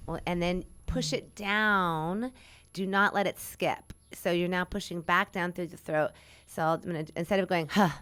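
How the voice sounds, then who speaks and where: A middle-aged woman working as a spiritual coach guides others through breathing techniques and affirmations in a soothing, casual conversation. Her voice is on the low side, clear and resonant with a fairly bright tone, fairly even intonation and a moderate pace.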